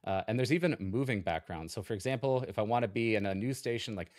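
A man's voice: lowish voice, expressive, fast talker, few pauses, darkish tone, no room sound, studio quality. A man presenting a product on a livestream, upbeat and conversational, with a desk mic on an arm. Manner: upbeat, conversational, many fillers.

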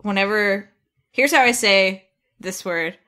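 A woman's voice: mid-range voice, measured pace, bright, forceful tone. A woman co-hosting a podcast in casual chat, playful and laughing often. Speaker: podcast co-host.

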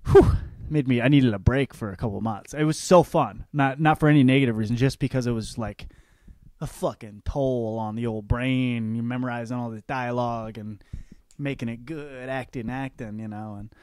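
A man's voice: mid-range voice, moderate pace, darkish tone, no room sound, studio quality. A young man hosting his own podcast, talking in a cocky, profane, rambling comic monologue full of restarts. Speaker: podcast host.

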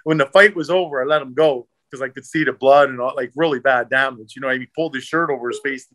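A man's voice: medium pitch, fast, no room sound. A middle-aged man, a former hockey enforcer, telling profane stories in casual chat and acting out what others said. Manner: profane, animated storyteller acting out quotes. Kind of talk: casual storytelling. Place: podcast studio.

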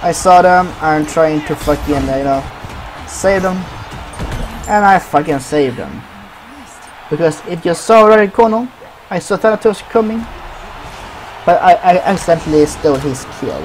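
A man's voice: fairly high pitch, a little slow, long pauses, soft background music. A man giving profane commentary over his own gameplay, trash-talking opponents. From Sweden. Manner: swears a lot, trash-talks opponents. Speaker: gaming commentator.

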